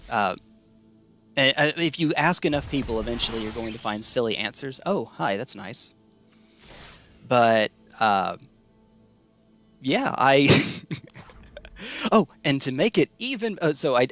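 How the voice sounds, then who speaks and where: Young male streamer, mid-pitched, rambling and chatty while he plays, faint music under him. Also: a bit bright. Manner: chatty and rambling, laughs often, reacts aloud to plays. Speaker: streamer playing a card game. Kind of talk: casual gameplay commentary chatting with stream chat.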